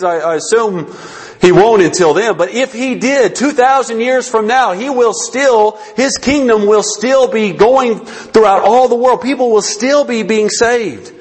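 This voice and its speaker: A man's voice: high-pitched, slightly rough. A man preaching a sermon, earnest and growing fervent, often restarting his sentences. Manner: earnest, rising to fervent emphasis, many restarts. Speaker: pastor.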